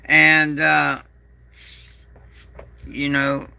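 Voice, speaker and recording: Slow gravelly man, tense and forceful. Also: on the high side, completely flat delivery, no room sound. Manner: aggrieved, bitter, repeats himself. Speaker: prepper vlogger. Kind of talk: rambling personal monologue.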